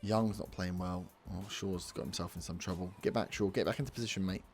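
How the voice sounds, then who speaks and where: A man's voice: sits low, fairly even intonation, a little fast, faint music behind. A young man commentating his football management game, scolding his players and swearing in frustration. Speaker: let's play host. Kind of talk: gaming commentary.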